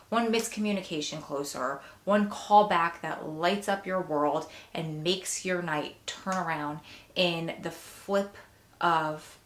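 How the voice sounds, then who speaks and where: A young woman talking earnestly to her viewers in a casual vlog, emotional and close to tears. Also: fairly low pitch. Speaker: vlogger. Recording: roomy echo.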